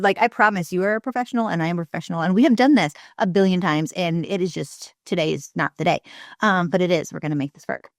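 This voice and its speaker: A woman's voice: on the low side, dry recording, clean studio sound. Chatty woman hosting a podcast. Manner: chatty and relaxed, many fillers. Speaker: podcast host. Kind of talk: casual podcast interview.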